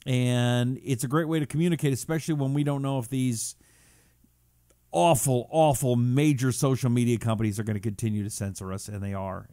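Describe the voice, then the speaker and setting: A man's voice: medium pitch, dark tone, no echo, clean studio sound. A man hosting his own live talk show in a casual, playful, joking way, greeting his listeners. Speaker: radio and podcast host.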